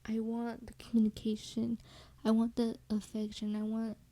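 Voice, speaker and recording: Young woman, solo podcast host, casual slangy storyteller who slips into Spanish and soft whispers; mellow, fairly high voice, dry close sound. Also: completely flat delivery, normal speed, no room sound. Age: young adult. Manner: slangy, mixes in Spanish phrases; drifts often into soft whispering.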